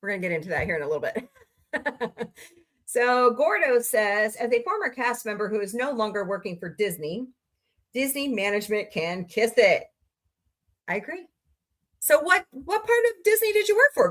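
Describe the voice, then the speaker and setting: A woman's voice: on the high side, sing-song, normal speed, a bit bright. A woman hosting a casual livestream, greeting viewers by name and ranting about entertainment news. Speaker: livestream host. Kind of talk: casual chat with live chat readers.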